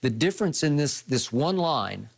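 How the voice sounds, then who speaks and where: An older man holds forth as a sports debate host, his voice sitting a little high for a man. He builds his argument step by step, emphatic and insistent, and keeps checking for agreement with rhetorical questions. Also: big pitch swings, moderate pace, gravelly.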